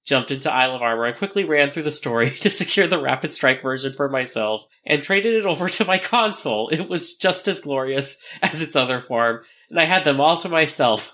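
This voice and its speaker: A man reads a listener's email on a podcast in a casual chat voice, breaking in with playful asides. His pitch sits slightly high and swings widely. The delivery stays animated throughout. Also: a little fast, few pauses. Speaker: podcast co-host.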